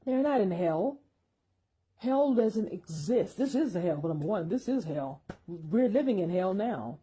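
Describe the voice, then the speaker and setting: A woman's voice: medium pitch, expressive, a little slow, mellow, slightly rough, rough recording. A woman giving an emphatic, repetitive spoken monologue, dismissing claims with force.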